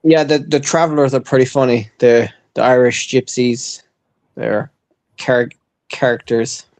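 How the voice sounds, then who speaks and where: A man's voice: mid-range voice, little pitch movement, a little slow, darkish tone. A man from England chatting on a stream, curious and hesitant, apologizing easily. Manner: curious, hesitant, says um and yeah. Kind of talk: casual chat.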